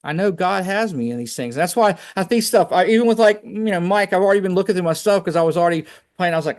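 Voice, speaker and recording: A man telling personal faith stories on a video call, animated and chatty, often saying "man". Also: high-pitched, fast. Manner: animated storytelling, fillers like "man". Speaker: guest speaker. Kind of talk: casual testimony on a video call.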